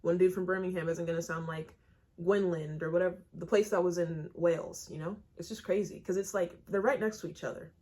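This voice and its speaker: A woman's voice: on the low side, fairly even intonation, fairly quick, darkish tone. An American woman hosting a reaction video, talking in blunt, chatty asides. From United States. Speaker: reaction channel host. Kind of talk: casual reaction commentary.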